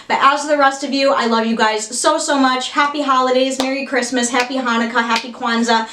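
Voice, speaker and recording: Excitable young woman in an echoey room. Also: sits high, a little fast, a little hiss or hum. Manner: gushing, excitable, swears casually. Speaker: vlogger. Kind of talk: casual haul vlog.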